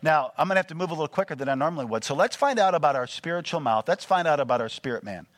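A man preaching a sermon, animated and full of call-and-response questions to the congregation. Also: fairly high pitch, racing, dry recording. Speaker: pastor.

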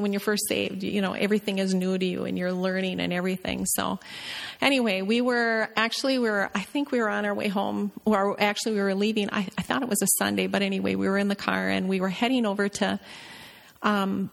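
A middle-aged woman telling a church a personal testimony, halting and full of restarts. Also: mid-range voice, vocal fry. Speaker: church member sharing a testimony. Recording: long reverb of a church hall.

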